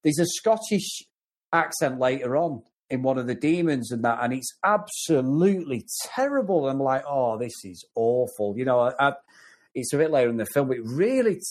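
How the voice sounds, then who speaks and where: A man from North West England talks through a film review in casual podcast chat. He is blunt and animated, often stumbling over the start of a sentence before pushing on. His voice sits in a middle pitch. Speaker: podcast co-host.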